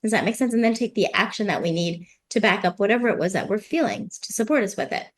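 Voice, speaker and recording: Woman coach talking parenting, animated, jumps into little voices of parents and kids. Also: medium pitch, quick pace. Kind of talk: explaining parenting advice in conversation.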